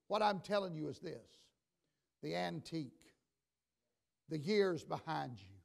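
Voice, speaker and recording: A bishop preaching a sermon in a church sanctuary. His voice sits high and carries a rough, gravelly edge. He tells homespun stories, then builds to loud, repeated exhortation. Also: measured pace, long pauses. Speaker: bishop and pastor. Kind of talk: storytelling sermon.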